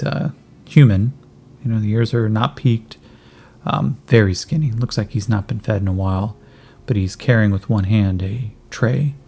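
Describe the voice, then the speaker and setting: Male game master, gravelly and mellow, laid-back tabletop narration. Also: on the low side. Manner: relaxed, hesitant with fillers.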